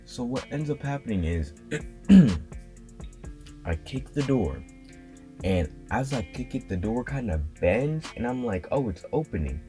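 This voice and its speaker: A young man casually telling a childhood story as a vlogger, with slangy, animated phrasing and lots of fillers. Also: medium pitch, unhurried, pauses often. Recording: guitar music playing underneath.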